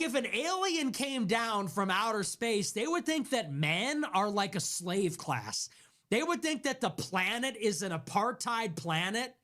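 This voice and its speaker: A man's voice: high voice, bright, forceful tone. A man hosting a livestream show, delivering a sarcastic, exasperated rant in political commentary style.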